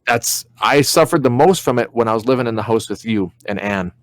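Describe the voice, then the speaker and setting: A man's voice: mid-range voice, lively intonation, brisk, dry recording. A man under forty, a podcast co-host, telling his dream stories animatedly, swearing often and acting out his own reactions. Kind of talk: casual podcast chat.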